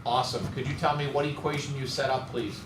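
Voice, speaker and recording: A man's voice: mid-range voice, level tone, fast talker. A man teaching a math class, joking and teasing his students as he works through problems. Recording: echoey classroom, some noise.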